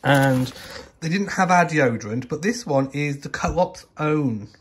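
A man casually vlogging to camera, chatty and gentle, talking about his garden and his shopping. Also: on the high side, animated, unhurried, slight background noise. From Britain. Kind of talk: casual vlog chat. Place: home garden and greenhouse.

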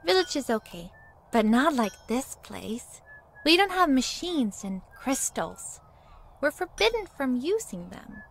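A bright, high-voiced young village girl for a game, earnest, light hiss. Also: big pitch swings, unhurried, exaggerated voice. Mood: friendly.

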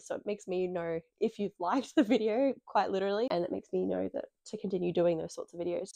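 A woman with an Australian accent chatting excitedly to camera as a book vlogger. She sounds stuffy and nasal from a cold and swears casually. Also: fairly low pitch, creaky, no echo. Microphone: dedicated microphone close up.

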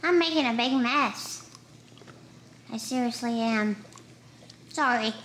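A woman voicing an excitable young male terrier dog who gushes and chatters about his treats. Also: on the high side, slow, slight background noise. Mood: gushing.

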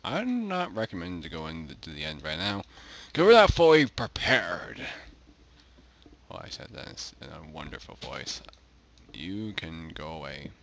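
Man, very low voice, lively swoops in pitch, goofy let's-play commentary, faint hiss behind. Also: normal speed. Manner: goofy, talks to animals in the game. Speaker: gaming YouTuber.

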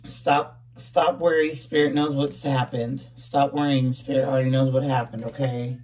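A tarot reader in a casual reading, voice going a bit hoarse, talking in a playful, slangy way with lots of repeated words and "okay?". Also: medium pitch, flat delivery, normal speed, darkish tone, far from the mic. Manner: jokes about putting on a fake accent.

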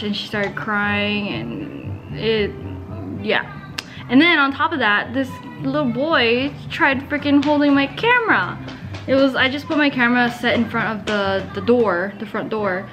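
Young female vlogger, chatty and relaxed, fond of "like", backing music behind her. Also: on the high side, moderate pace, highs cut off. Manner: chatty, says "like" a lot, retells stories with quoted voices. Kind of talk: casual vlog chat.

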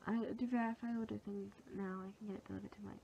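Gravelly-voiced woman vlogging. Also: mid-range voice, steady tone, very fast, mellow, lo-fi sound, slight background noise. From England. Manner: chatty and rambling, repeats her plans. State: sore throat. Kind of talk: casual vlog chat. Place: at home, indoors.

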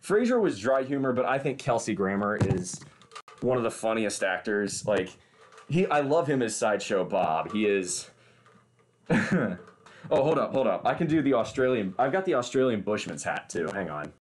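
A man's voice: on the low side, very animated, normal speed. A man, chatting casually and joking with viewers on a livestream. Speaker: livestream fitness host.

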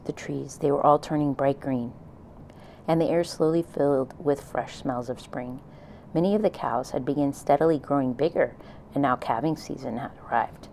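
A woman reading a children's novel aloud in a gentle, plain storytelling manner. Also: rumbling low, vocal fry, slight background noise, rough recording. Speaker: audiobook reader.

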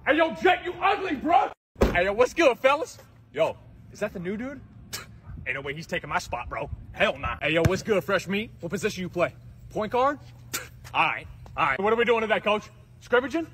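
A young man plays several characters in a comedy sketch, his voice high and full of swings. He talks in loud, energetic slang-heavy banter over clearly noisy surroundings. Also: normal speed.

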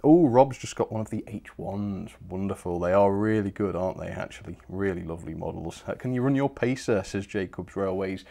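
A man's voice: low-pitched, fairly quick, gravelly, few pauses, dark tone. A man hosting a live stream in a cheerful, chatty way, laughing often as he runs his trains and reads out viewer comments. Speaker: host of a model railway live stream. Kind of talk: casual live-stream chat.

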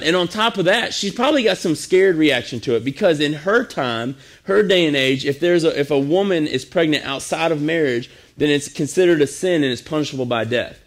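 Casual youth preacher, man, higher voice. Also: lively intonation, brisk, hardly any pauses. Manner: casual, conversational, with restarts. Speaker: youth pastor. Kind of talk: sermon.

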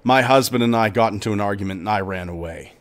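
A man voicing a worried female stone giant who has run away from her husband, speaking in an anxious, hushed way. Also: lowish voice, fast, voice pushed down, close to an everyday voice.

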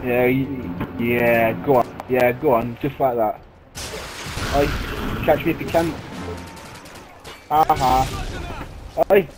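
A man's voice: medium pitch, fairly even intonation, takes it slowly, long pauses, natural voice, low-quality recording. A man putting on a Scouse accent to play a mouthy, crude young lad trolling strangers in game voice chat over a headset. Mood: taunting. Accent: put-on Liverpool Scouse. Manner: crude, taunting, swearing banter. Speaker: online gamer trolling lobby chat. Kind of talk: prank voice chat over gameplay. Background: game music and gunfire.

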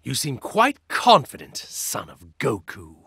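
A sneering, gravelly evil god. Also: male voice, medium pitch, wildly swooping pitch, slow, a bit bright, no room sound, studio quality, full character voice. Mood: contemptuous. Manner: haughty, contemptuous, grandiose. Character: arrogant evil god in a hero's body, male. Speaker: video game character. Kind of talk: game voice lines.

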